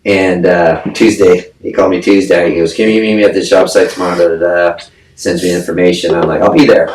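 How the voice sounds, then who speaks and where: Low-voiced man telling a blunt story. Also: steady tone, fairly quick, a little mellow. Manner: blunt, profane, acts out quoted voices. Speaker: podcast guest. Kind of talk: casual storytelling interview. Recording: echoey room, distant mic, faint noise.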